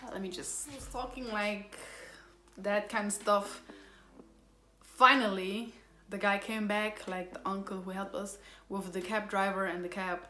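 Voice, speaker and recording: A woman's voice: mid-range voice, steady tone, unhurried, sharp tone, echoey room. A young woman vlogger telling a casual storytime, rambling and using a lot of fillers. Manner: rambling retelling, filler-heavy with constant "like".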